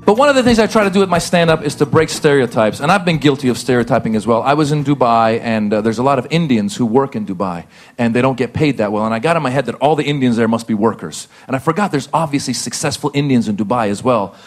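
A man's voice: mid-range voice, lively intonation, fast, soft background music. A male comedian delivering a comic monologue, building to punchlines and acting out quoted exchanges.

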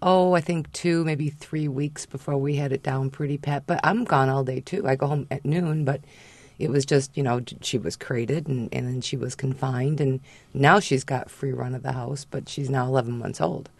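A woman's voice: very deep voice, steady tone, moderate pace, darkish tone, dry recording. Woman dog trainer, radio guest, reassuring and chatty, close dry mic. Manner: reassuring, chatty, personal anecdotes. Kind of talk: radio call-in advice. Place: radio studio.

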